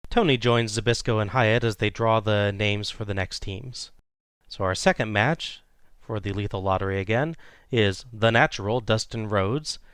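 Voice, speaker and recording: A man co-hosting a podcast, retelling a wrestling match play by play in a steady, casual way. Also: on the low side, smooth, dry recording, clean studio sound. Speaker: podcast co-host recapping wrestling. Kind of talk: casual recap narration.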